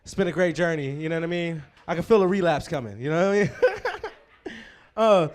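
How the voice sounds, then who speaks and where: A man's voice: a little high, a little fast, pauses often. A man hosting a comedy show, telling profane stand-up stories and bantering with the crowd.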